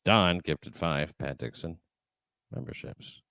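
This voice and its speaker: A man's voice: a bass voice, normal speed, dry recording. A man hosting a livestream, chatting casually and reading viewer comments, rambling and swearing with many fillers and restarts. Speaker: show host reading live chat.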